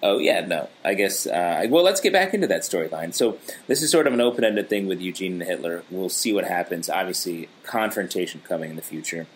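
A man with a fairly low voice, talking in a loose, easygoing way as he recaps a TV episode. He keeps slipping into goofy riffs while he chats with a co-host. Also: lively intonation, a little fast, hardly any pauses, slight background noise. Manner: joking, easygoing, drifts into silly riffs. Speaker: podcast co-host. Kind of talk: casual TV recap chat.

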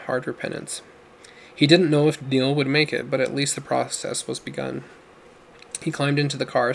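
Gravelly male audiobook narrator. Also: medium pitch, a little hiss or hum.

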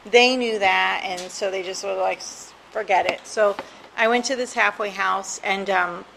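A middle-aged woman from New Jersey recounts her past in a frank, self-mocking way and laughs often as she goes. Her voice sits in a middle pitch. A faint hiss runs under the recording. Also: fairly even intonation, a little slow, gravelly. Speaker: guest sharing her recovery story. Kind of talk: personal storytelling.

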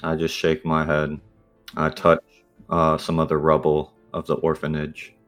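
A man playing his character in a tabletop game, calm and measured. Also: very deep voice, faint music behind. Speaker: player. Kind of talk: in-character role-play.

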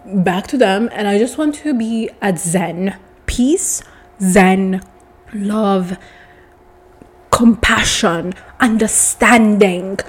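Woman, husky voice, casual vlog rant, profane, exasperated, talking to camera. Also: medium pitch, very slow. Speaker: vlogger.

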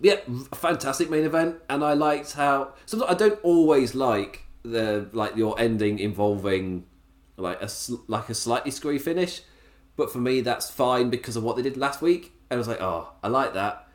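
A man reviewing a wrestling show in a casual solo podcast, chatty, enthusiastic and quick to laugh. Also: mid-range voice. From England.

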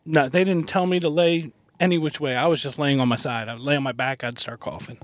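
A man's voice: a little high, fairly even intonation, fast talker, no echo. Folksy man telling a story. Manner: earnest, folksy, laughs between lines. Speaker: guest. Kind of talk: casual storytelling. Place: parked van.

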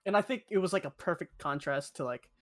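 A woman's voice: lowish voice, fast, no echo, studio quality. A woman chatting casually about a film, emphatic and playful in her reactions.

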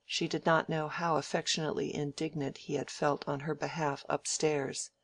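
An audiobook reader who narrates a classic novel in measured, quiet tones at a middling pitch. The voice has a gravelly texture. It is recorded close and dry, without any room sound. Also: little pitch movement, no echo.

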